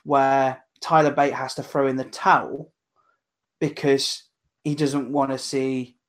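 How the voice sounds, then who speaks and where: A man recapping matches in casual chat, hesitant with many pauses and ums. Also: medium pitch, level tone. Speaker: podcast co-host.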